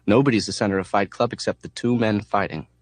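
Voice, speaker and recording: A man voicing a reckless, fanatical young male mechanic who yells slogans into the wind. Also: fairly low pitch, fairly even intonation, quick pace, no echo, lightly acted. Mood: calm, knowing.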